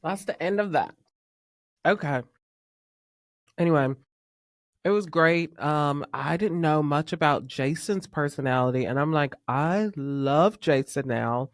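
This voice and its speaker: A man hosting a casual pop music podcast, talking in an excitable, gushing fan manner with sudden whispers. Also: a little high, a little slow, pauses often, no room sound, studio quality. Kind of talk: casual chat.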